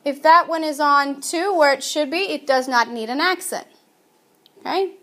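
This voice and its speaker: Female teacher with a high voice, casual and patient in a classroom lesson. She stretches her example words out. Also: fairly bright tone. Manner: chatty, patient explaining, drawing out example words slowly. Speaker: Spanish teacher. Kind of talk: recorded classroom grammar lesson.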